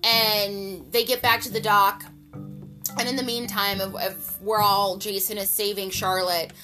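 A woman casually recapping a soap opera episode in an animated, gossipy way, using slang and an occasional swear word. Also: a little slow. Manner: jumps to high, loud pitch for excited retellings. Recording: music playing clearly behind the voice.

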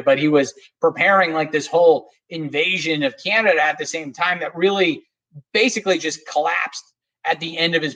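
A man with a slightly raised pitch talks through history in a loose, rambling way. He restarts sentences often and leans on fillers as a podcast guest. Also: fairly bright tone, rough recording. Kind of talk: casual podcast interview.

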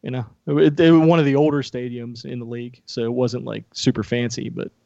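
Gravelly man on a dull-sounding line. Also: mid-range voice, fairly quick, no echo. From Pittsburgh, Pennsylvania. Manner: relaxed, easygoing, trailing fillers. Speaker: podcast guest. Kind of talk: casual chat.

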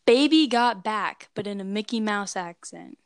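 A woman's voice: mid-range voice, expressive, normal speed, clean tone, no echo. A young woman co-hosting a casual comedy podcast who jokes, giggles and sings loose, off-key snatches of songs. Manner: giggly, self-deprecating, sings loosely from lyrics. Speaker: podcast co-host.

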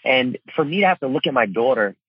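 A man's voice: mid-range voice, expressive, quick pace, breathy edge, no echo, highs cut off. Earnest man full of "you know"s. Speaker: guest, father and coach. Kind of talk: casual interview talk.

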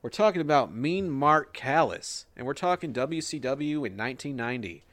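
A man's voice: mid-range voice, animated, moderate pace, a bit bright, dry recording. A man co-hosting a casual wrestling podcast, joking and swearing as he rambles through predictions. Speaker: podcast co-host.

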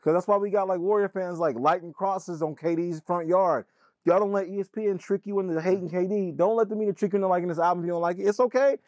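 Animated man on a dry-sounding podcast mic. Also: fast, dry recording. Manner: animated, jumps up in pitch when arguing, laughs often. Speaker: podcast co-host. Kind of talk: casual chat.

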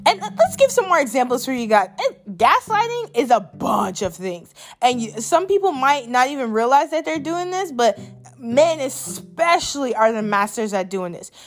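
A woman's voice: high-pitched, very animated, normal speed, soft background music. A young woman vlogging a blunt, exasperated opinion rant, swearing freely and repeating her points for emphasis. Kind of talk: candid opinion rant to camera.

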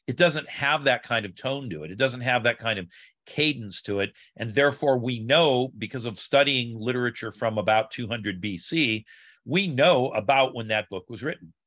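A man speaking as a scholar guest on a podcast interview, with an explanatory, teacherly manner. His voice is bright and forward. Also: medium pitch, no echo.

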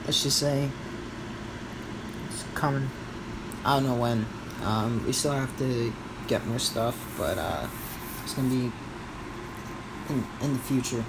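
A young man hosting a podcast from home, rambling casually and cursing, with sudden loud outbursts. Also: medium pitch, measured pace, long pauses. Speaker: podcast host. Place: at home, in his room and kitchen. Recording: echoey room with background noise.

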